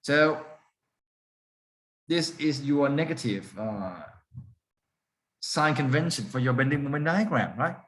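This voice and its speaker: Slow-talking male engineering lecturer. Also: medium pitch, lively intonation, fairly bright tone. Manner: asks students questions, repeats and stresses points. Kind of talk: classroom lecture.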